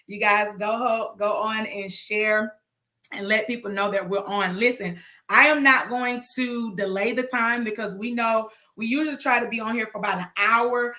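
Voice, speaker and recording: A woman hosting a live-stream chat show, chatty and lively with frequent laughter. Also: a little high. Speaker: host.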